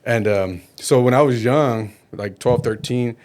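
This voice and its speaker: A middle-aged man, bass player and band manager, telling stories in a casual interview and acting out the people he quotes. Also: measured pace. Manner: animated storyteller, acts out quoted voices.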